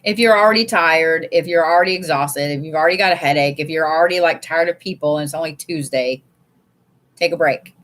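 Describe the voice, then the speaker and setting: A tarot and oracle card reader, deep-voiced and a bit bright, moves briskly through a casual live reading. She's blunt and talkative, curses freely and refers to her viewers as y'all.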